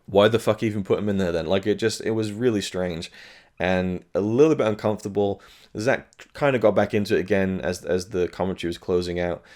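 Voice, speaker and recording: Low voiced guy rambling frankly through a film review, lots of ums. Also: brisk, a little mellow. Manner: frank and chatty, with fillers and blunt remarks. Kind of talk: casual spoken review.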